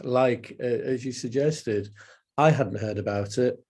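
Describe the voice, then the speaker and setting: A man giving a guest talk over a video call, emotional and hesitant, with halting delivery. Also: mid-range voice, darkish tone, slightly rough. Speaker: project director.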